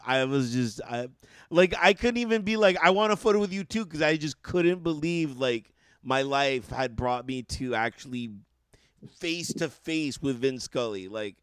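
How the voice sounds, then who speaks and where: A man telling a story in casual podcast chat, animated and swearing freely. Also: on the high side, smooth, no room sound. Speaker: podcast co-host.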